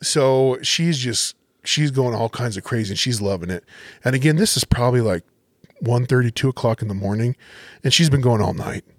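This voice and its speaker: A man's voice: mid-range voice, normal speed, no room sound. A man, a police officer, telling stories casually on a podcast and acting out the people in them. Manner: relaxed, animated storyteller acting out quotes. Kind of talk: casual storytelling.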